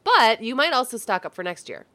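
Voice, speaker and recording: Fast-talking hoarse woman with a cold. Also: on the high side, big pitch swings, pushed and bright. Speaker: podcast co-host. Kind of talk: casual chat.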